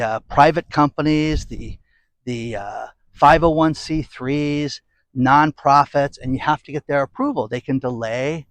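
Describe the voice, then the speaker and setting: A man's voice: mid-range voice, no room sound. A middle-aged man delivering an opinionated, sarcastic commentary rant as a vlogger. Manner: sarcastic, ranting, mocking.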